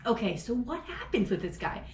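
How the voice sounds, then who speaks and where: A woman's voice: a little high, fairly quick, roomy sound. Profane, laughing woman podcast host. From Florida. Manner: profane, laughing, animated storytelling. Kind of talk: casual true-crime chat.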